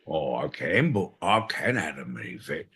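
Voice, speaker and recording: A man's voice: very deep voice, sing-song, moderate pace, a bit bright, husky. A man co-hosting a podcast, bantering casually, swearing and teasing with exasperation. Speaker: podcast co-host.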